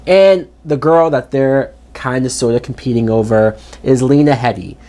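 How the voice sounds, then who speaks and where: A man hosting his own channel, giving a casual, exasperated spoken movie review with emphatic jumps in pitch and chatty fillers. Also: moderate pace, warm tone. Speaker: film reviewer, channel host.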